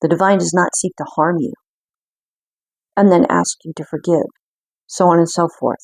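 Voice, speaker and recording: A woman giving an intuitive card reading in an earnest, reflective way, with frequent pauses. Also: lowish voice, steady tone, vocal fry, no echo. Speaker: spiritual card reader.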